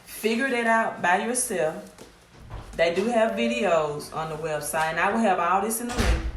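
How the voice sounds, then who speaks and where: A woman's voice: medium pitch, moderate pace, slight background noise. A middle-aged woman with a Mississippi accent, hosting a casual live stream about her credit repair business in a direct, scolding way that repeats points. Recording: echoey room.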